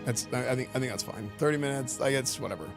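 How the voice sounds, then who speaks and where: A male streamer giving excitable, rambling live commentary, full of fillers and repeated words. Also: mid-range voice, quick pace, vocal fry, faint music behind. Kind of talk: live-stream commentary reacting to game questions.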